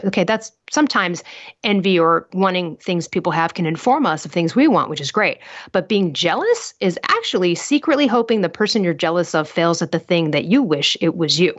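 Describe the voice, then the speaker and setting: A woman with a fairly low, expressive voice speaks a bit quickly as a guest on an interview podcast, telling blunt, emphatic stories packed with rhetorical questions. The animated talk is captured as muffled, dry podcast audio with no room sound.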